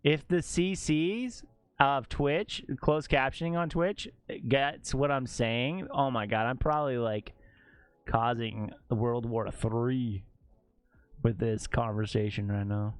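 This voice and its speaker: Laid-back male streamer, jokes and laughs a lot, unhurried, close dry sound. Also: mid-range voice, smooth, dry recording. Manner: jokey, laughs often. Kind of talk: casual livestream chat while photo editing.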